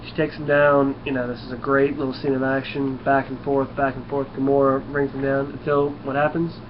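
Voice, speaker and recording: A man talks through a comic book in a loose, rambling review, with a medium-pitched voice that now and then stumbles over words. The recording sounds a bit dull and lo-fi, with a faint hiss underneath. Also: level tone, a little fast. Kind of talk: casual video review.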